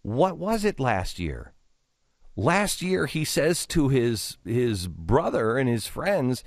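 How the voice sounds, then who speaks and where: A middle-aged man hosting a radio talk show, telling a story in a rambling, halting way with many restarts. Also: sing-song, gravelly, no echo, clean studio sound. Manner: rambling, halting with many restarts, drops low for quoted asides. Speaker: radio host. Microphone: studio microphone.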